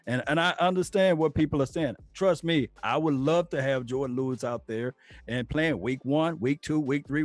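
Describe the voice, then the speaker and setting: A man co-hosting a casual sports talk show, drawn-out, repeating himself and agreeing a lot. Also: mid-range voice, dry recording.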